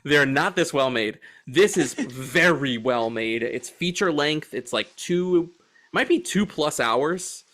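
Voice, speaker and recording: A man co-hosting a film podcast, telling a story in a lively, profane, fast-bursting way. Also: a little high. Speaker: podcast co-host. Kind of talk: casual film podcast chat.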